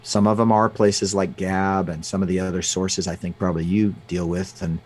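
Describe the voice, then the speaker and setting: A man's voice: low-pitched, level tone, a little mellow, husky. A man, a guest in an interview, telling personal stories with many restarts and fillers. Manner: halting, frequent restarts and fillers. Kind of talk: conversational storytelling.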